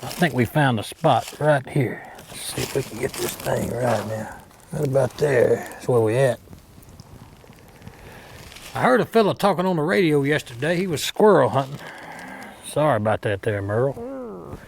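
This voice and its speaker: An actor playing a bumbling, boastful redneck Bigfoot hunter with an Alabama Southern drawl, rambling and cocky in a mock outdoor show. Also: male voice, medium pitch, expressive, moderate pace, vocal fry, pauses often, a little hiss or hum. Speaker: hunting show host character.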